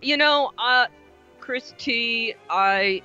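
A woman calls in to a radio show and chats in an easygoing way, with lots of fillers. She talks slowly in a bright, forward voice. The sound comes through a dull, muffled phone line. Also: on the high side, faint music behind. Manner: chatty, filler-heavy. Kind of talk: casual call-in chat.

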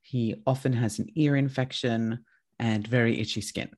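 A man hosting a casual chat, telling lively stories with plenty of swearing. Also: mid-range voice, moderate pace. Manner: chatty, swears freely, tells animated stories.

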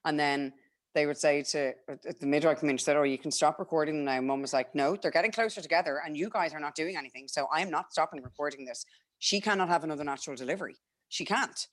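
Lively Irish woman telling a story. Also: sits low, fast. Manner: lively storyteller acting out quotes, laughs often. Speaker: podcast guest telling a birth story. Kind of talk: casual chat.

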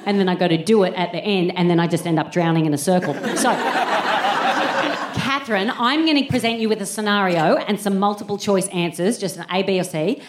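A woman's voice: mid-range voice, brisk. A woman and podcast host performing live stand-up in a theatre, sardonic and punchy, swearing and chatting with the audience. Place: theatre stage before a laughing audience. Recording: roomy live venue, audience noise.

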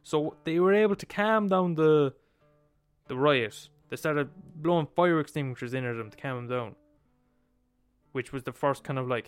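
A man's voice: a little high, normal speed, clear, resonant tone, soft background music. A young man retelling a story in a casual, profane way, acting out quotes as he goes. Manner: profane, swears freely, acts out quotes.

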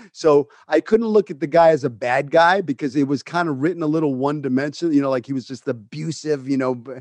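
A man's voice: a little high, a little mellow, no room sound. A man, an actor, reflecting earnestly in an interview about playing a difficult role. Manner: thoughtful, earnest, laughs lightly. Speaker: actor guest.

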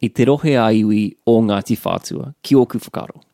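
A man co-hosting a language podcast as the learner, answering with soft murmured acknowledgments and quiet questions. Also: lowish voice, a little fast, gravelly, no echo, studio quality. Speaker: co-host learner. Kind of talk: relaxed podcast lesson.

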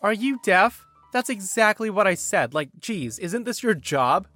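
A man's voice: on the high side, big pitch swings, moderate pace, fairly bright tone, dry recording, soft background music. A man voicing an entitled, demanding middle-aged woman customer who talks down to people in a huffy, snappy way. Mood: condescending.

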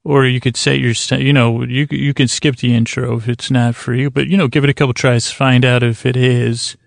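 A man hosting a sleep podcast, giving a meandering, self-deprecating late-night intro in creaky, dulcet tones, speaking close and personally to the listener. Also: mid-range voice, flat delivery, normal speed, no echo.

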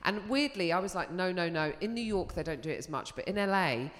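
A woman comedian with a London accent, telling lively, swear-laced anecdotes on a live talk show. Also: mid-range voice, quick pace. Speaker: comedian guest. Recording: long hall reverb.

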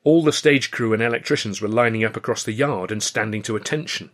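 A man narrating his own serialized novel in the first person, wry and measured. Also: on the low side, a bit bright. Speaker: author and reader of a serialized novel.

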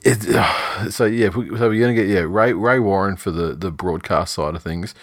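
A man's voice: deep voice, moderate pace, slightly rough, dry recording, studio quality. A man co-hosting a casual sports chat, rambling and swearing freely. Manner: rambling, swears often, laughs a lot. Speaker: podcast co-host.

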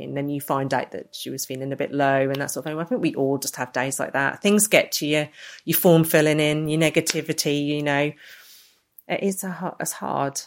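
A woman's voice: sits low, steady tone, moderate pace, soft background music. A mother chatting casually about her son, often laughing and acting out what other people said. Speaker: interviewee, mother. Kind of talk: casual chat.

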